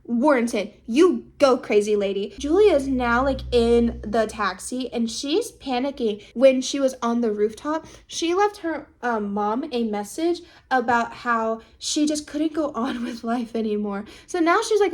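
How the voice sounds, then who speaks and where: A young woman in her twenties chatting casually as she recaps a drama episode, gushing and dramatic, full of fillers and quick asides to the listener, sometimes acting out characters' lines. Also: on the high side, lively intonation, darkish tone. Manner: talks fast with lots of fillers and asides to the listener.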